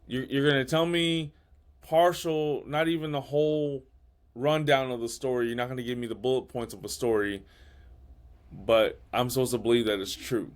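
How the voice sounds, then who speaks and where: A man hosting a casual podcast, talking bluntly with lots of swearing and stammered restarts. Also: mid-range voice. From California. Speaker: podcast host.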